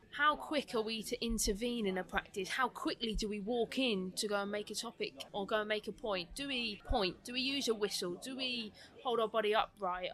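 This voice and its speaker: A woman's bright, fairly high voice carries a mixed British accent with a London twang. She has a slight lisp and talks quickly and animatedly, like a coach mentor chatting on a podcast. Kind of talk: podcast conversation.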